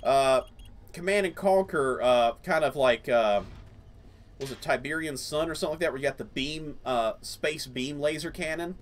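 A man's voice: on the high side, moderate pace, a little hiss or hum. A man hosting a gaming channel, rambling through casual let's-play commentary with many fillers. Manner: rambling, lots of fillers and laughs.

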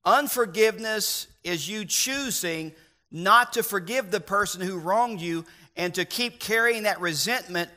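A man preaching a sermon as pastor, earnest, with slow emphatic stresses and repeated refrains. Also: high-pitched, sharp tone. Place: church.

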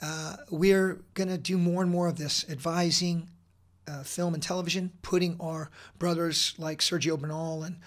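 A middle-aged man talking as a podcast guest, earnest and energetic, with many fillers and restarts. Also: on the high side, normal speed. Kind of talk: casual interview talk.

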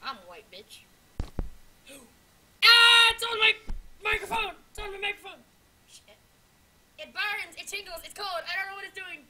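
Young woman, high-pitched, bright tone, casual profane vlog chat, loud outbursts, muttered hums. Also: moderate pace, pauses often, slight background noise, low-quality recording. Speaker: vlogger.

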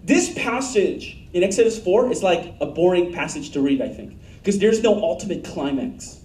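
Pastor, male, high-voiced, mellow tone, blunt emphatic sermon delivery, roomy church sound from off-mic. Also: lively intonation, moderate pace, far from the mic. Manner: blunt, emphatic preaching with asked-for audience answers.

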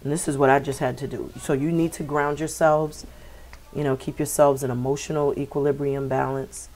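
A woman with a low voice gives a tarot reading to her viewers. She wanders from thought to thought, repeating words and filling pauses with "um" and "you know.". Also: little pitch movement, a little mellow. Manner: meandering, repeats words, many fillers. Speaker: tarot reader.

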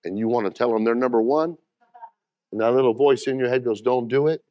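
A man's voice: medium pitch, brisk, mellow, no room sound, muffled recording. A middle-aged man preaching a sermon as pastor, talking plainly and directly to the congregation and calling for responses.

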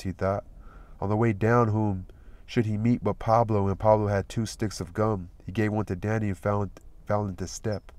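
Low-voiced man reading a novel. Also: level tone, normal speed, a little mellow, no echo. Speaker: audiobook reader. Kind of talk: novel read aloud.

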